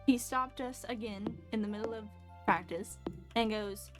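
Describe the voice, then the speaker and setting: A woman's voice: medium pitch, steady tone, moderate pace. A woman in her twenties telling a story casually while streaming at home, blunt and sarcastic, swearing freely. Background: faint background music.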